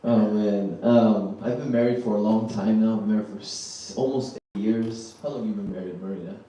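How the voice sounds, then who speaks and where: A man in his thirties from Germany doing a stand-up set, loose and halting with lots of ums and frequent laughter at his own jokes. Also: lowish voice, steady tone, warm tone. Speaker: stand-up comedian. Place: small comedy venue. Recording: roomy, distant club mic with faint noise.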